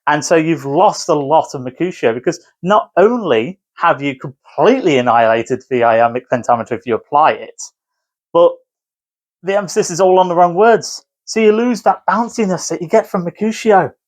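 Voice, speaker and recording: A man's voice: on the high side, lively intonation, moderate pace. A man who teaches, talking casually to camera, rambling and correcting himself as he explains. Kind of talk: casual video commentary.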